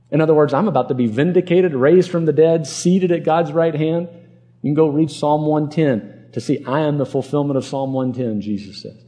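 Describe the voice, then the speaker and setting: Earnest preacher guy, mellow voice on the high side, leans on repeated words. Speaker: pastor. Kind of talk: expository sermon.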